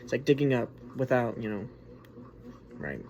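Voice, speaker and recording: A man's voice: medium pitch, expressive, normal speed, darkish tone, a little hiss or hum. A man hosting a casual spoken movie review, rambling and informal with lots of restarts and filler words. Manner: rambling and informal, with many restarts, "like" and "you know". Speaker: movie reviewer, host of the show.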